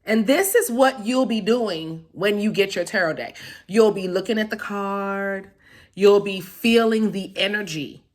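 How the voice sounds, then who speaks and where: A woman's voice: mid-range voice, unhurried. A woman who reads tarot, unboxing a deck in a casual vlog, gushing and effusive as she talks straight to her viewers. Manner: gushing and effusive, with soft exclamations; talks directly to viewers, calling them guys and baby. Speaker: tarot reader and spiritual vlogger.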